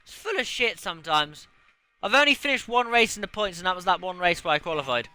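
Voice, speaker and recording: A man's voice: high voice, expressive, fast talker, bright, forceful tone, smooth, faint music behind. A man hosting a racing game video, ranting and swearing in frustration. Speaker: gaming channel host. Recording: game engine noise behind voice. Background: racing car engine noise.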